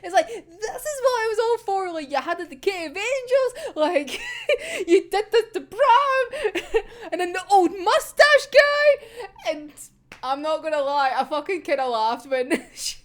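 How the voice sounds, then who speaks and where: A young woman ranting about a manga chapter in a casual fan reaction, excitable, swearing freely and laughing often. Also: very high voice, unhurried.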